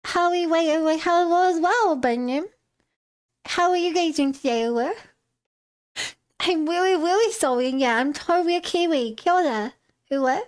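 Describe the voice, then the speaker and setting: A woman's voice: very high voice, normal speed. Woman putting on a cutesy uwu voice. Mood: sugary mock-cute. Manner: tacks "uwu" onto every sentence, sugary and mock-sweet. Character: exaggerated cutesy uwu-talking young woman. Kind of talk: playful put-on voice on a live stream.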